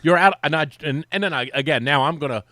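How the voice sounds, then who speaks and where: Animated man telling a story on air. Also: a little high, fast talker, no room sound. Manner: animated, acts out quotes with rising voice. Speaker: sports radio guest, former team reporter. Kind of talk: casual storytelling chat. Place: radio studio.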